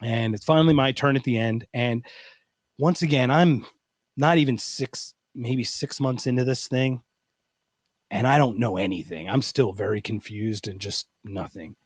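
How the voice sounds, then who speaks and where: A man from Philadelphia, a guest telling a story over a video call in a rambling, animated way. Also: mid-range voice, normal speed, no room sound. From East Coast of the United States, Philadelphia. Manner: animated, rambling, full of "like" and asides.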